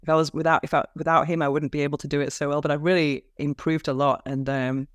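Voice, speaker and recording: A woman's voice: deep voice, level tone, quick pace, no echo, studio quality. A woman hosting a podcast in a casual interview chat, talkative and laughing often, with frequent restarts. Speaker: podcast host.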